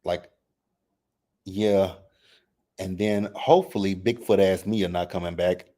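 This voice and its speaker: A man hosting a casual reality TV recap, reading chat comments and reacting in a sassy, animated way. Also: slow pace. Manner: sassy, animated, mimics cast members with exaggerated high voices; repeats phrases for emphasis.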